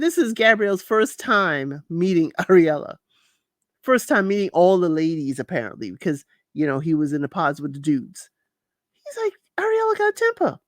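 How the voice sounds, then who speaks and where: A woman's voice: fairly low pitch, no room sound, studio quality. A woman host giving a casual, colloquial recap of a reality show, scolding the people on it directly. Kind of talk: casual commentary.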